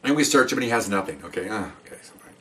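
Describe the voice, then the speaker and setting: Far from the mic, a retired police officer in his later years races through a story in a lowish, bright, forceful and animated voice. It's a casual, rambling anecdote, peppered with frequent "okay?" check-ins.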